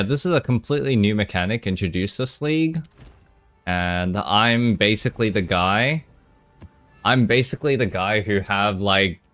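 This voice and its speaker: A man's voice: lowish voice, a bit bright. A man streaming a game, chatting casually with his viewers, answering chat and laughing often.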